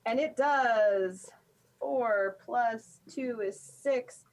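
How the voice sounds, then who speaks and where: A woman's voice: a little high, very slow. A woman playing a tabletop game, playfully describing her character's actions and adding up dice rolls. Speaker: player. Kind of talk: casual tabletop game play.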